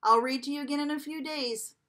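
A preschool teacher reading a picture book aloud to young children, asking them coaxing questions and dropping now and then to a whisper. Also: female voice, high voice. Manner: animated, slow, coaxing questions to children, drops to a whisper at times.

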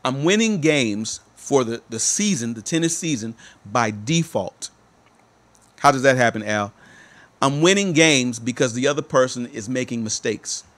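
A man's voice: medium pitch, animated, normal speed, fairly bright tone. A man telling a personal story to his viewers, speaking emphatically and repeating that he is telling the truth. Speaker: motivational speaker.

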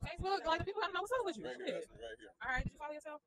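A woman's voice: very high voice, very animated, very fast, very noisy. A woman on a city street chatting casually and brashly, swearing offhandedly. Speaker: interviewee.

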